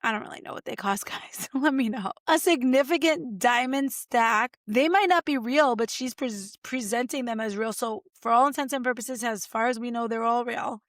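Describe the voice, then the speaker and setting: A woman lawyer hosting a podcast, giving chatty, expressive legal commentary and talking straight to her listeners. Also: on the high side, fairly quick, hardly any pauses, no echo, clean studio sound.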